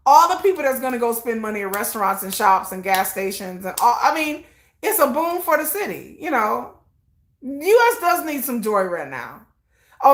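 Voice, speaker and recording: Livestream host, woman from Texas; bright high voice in a roomy space, animated, chats with viewers. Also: creaky. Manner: animated, talks to chat viewers, drawls into casual slang. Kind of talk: casual livestream chat.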